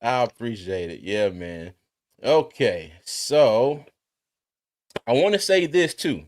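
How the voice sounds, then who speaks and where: A man hosting a casual sports talk livestream, animated and laughing as he reads out viewer comments. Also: medium pitch, slow pace. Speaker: podcast host. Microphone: streaming mic.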